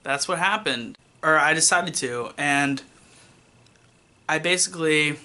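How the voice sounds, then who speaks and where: Young guy vlogging his own story, loose and rambly, lots of ums, kinda dry jokey asides, really bright sharp voice. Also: on the high side, unhurried. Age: young adult. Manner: rambling, with many fillers and restarts; wry, self-mocking asides. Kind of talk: casual personal storytelling.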